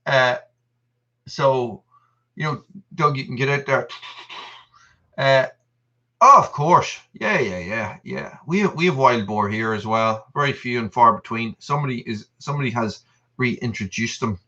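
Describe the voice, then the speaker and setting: A man's voice: medium pitch, expressive, unhurried, long pauses, bright, forceful tone. A man, hosting a casual live stream and chatting in a rambling way while reading out viewer messages. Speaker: channel host. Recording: dull lo-fi stream audio.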